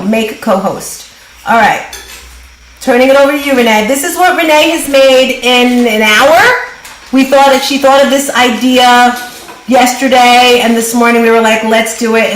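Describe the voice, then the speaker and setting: A woman hosting a live online business workshop, brisk and upbeat, giving quick directions over a video call. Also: fairly high pitch, roomy sound, a little hiss or hum, rough recording. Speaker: workshop host and business coach.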